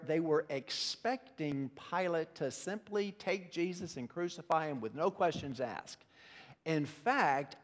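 Pastor preaching in a reverberant hall. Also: male voice, on the high side. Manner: conversational teaching with frequent restarts. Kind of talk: sermon. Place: church sanctuary. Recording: long reverb of a church hall.

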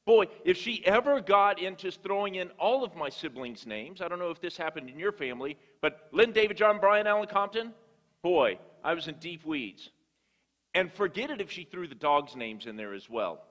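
A man's voice: a little high, expressive, normal speed, a bit bright. A man preaching a sermon, telling stories and often repeating words as he restarts. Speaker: guest preacher. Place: church sanctuary. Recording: long church hall reverb.

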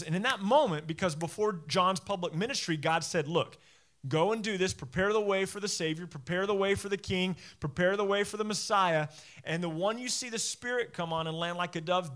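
A male pastor giving a conversational sermon, acting out Bible figures in casual modern speech and swinging between loud bursts and low, quiet stretches.

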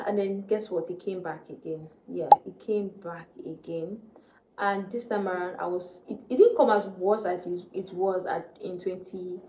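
A woman's voice: on the low side, steady tone, a little slow, roomy sound, highs cut off, background noise. A young woman vlogger from Nigeria telling a faith testimony, earnest and repeating key phrases for emphasis.

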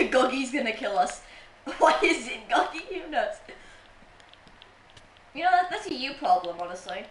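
A woman's voice: high-pitched, very animated, measured pace, pauses often. A young woman streaming a game, chatting casually with a playful, teasing manner and frequent laughter. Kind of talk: casual gaming livestream chat. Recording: roomy room sound with faint noise.

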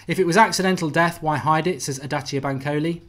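A man's voice: on the high side, fast talker, a bit bright. A middle-aged man hosting a live podcast debate, talking animatedly and repeating phrases for emphasis while reading out viewer comments. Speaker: podcast host.

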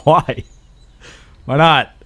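Excitable male game streamer, bright high voice, yelps and curses in frustration. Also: drawn-out words, slight background noise. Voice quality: high-pitched. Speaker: gaming livestreamer. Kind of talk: live game commentary.

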